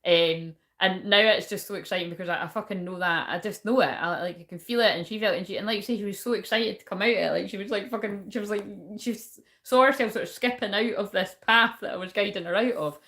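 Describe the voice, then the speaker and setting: A woman's voice: medium pitch, fast, few pauses, fairly bright tone. A young woman giving a casual spiritual reading, rambling and swearing often. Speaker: spiritual reader and shaman.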